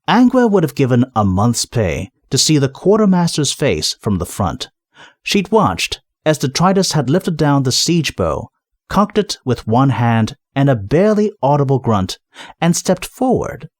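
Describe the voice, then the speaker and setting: A man narrating a comic fantasy audiobook in a lively, expressive storytelling voice. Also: mid-range voice, a little slow, no echo, studio quality.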